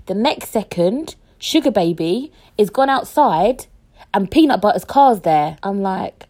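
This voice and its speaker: Young woman, casual storytime, mellow tone, lively delivery, swears freely. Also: medium pitch, normal speed. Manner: animated, swearing, mimics people in quotes.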